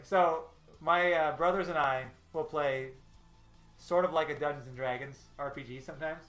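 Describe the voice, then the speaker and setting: A man's voice: fairly high pitch, steady tone, moderate pace, fairly bright tone. A man casually chatting on a live stream while working, rambling and laughing often. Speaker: artist hosting a storyboarding stream. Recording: echoey room with faint music.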